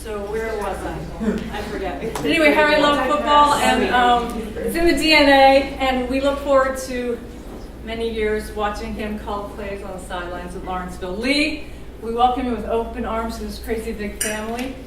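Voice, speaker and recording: A woman's voice: on the high side, moderate pace, background noise. A middle-aged woman giving a toast as mother of the groom, telling stories with frequent laughter. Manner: warm, laughing, storytelling. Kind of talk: personal toast speech. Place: large banquet room. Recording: echoey hall, far mic, loud crowd.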